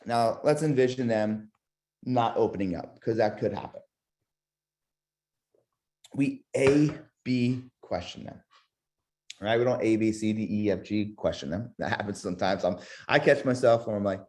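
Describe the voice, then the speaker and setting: This man's voice sits on the low side, moving at a moderate pace and pausing often. Leading a webinar on sales calls with demo calls, he's lively, models tone of voice, and questions his audience.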